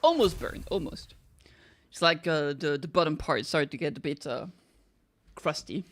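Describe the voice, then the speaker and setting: A woman's voice: low voice, lively intonation, moderate pace, no room sound. Chatty woman streamer mid-game. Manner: chatty, laughing asides. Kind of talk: casual gameplay stream.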